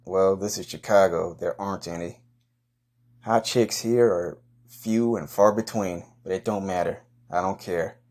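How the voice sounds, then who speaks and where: On a comedy podcast, a man delivers a crude, boastful hype monologue loaded with rowdy trash talk and loud whoops. His voice sits low and he takes his time.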